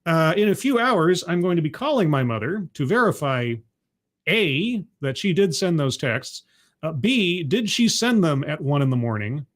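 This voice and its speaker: A man's voice: on the high side, big pitch swings, normal speed. A man signing off a live stream in a rambling, self-deprecating way, with frequent restarts. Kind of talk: casual live-stream sign-off.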